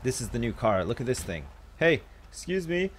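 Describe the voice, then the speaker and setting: A man streaming a video game, commenting live in an excitable, jokey way with plenty of swearing. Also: medium pitch, normal speed, a little hiss or hum.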